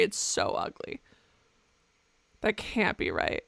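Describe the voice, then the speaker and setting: A woman's voice: on the high side, moderate pace, fairly bright tone, dry recording, clean studio sound. A young woman doing let's play commentary, joking and swearing as she reacts to the game. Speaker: gaming streamer.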